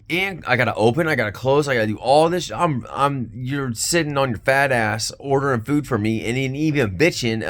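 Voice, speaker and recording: A man angrily telling a rambling, profane story about an exploitative former boss, full of fillers and restarts. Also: mid-range voice. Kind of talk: ranting storytime vlog.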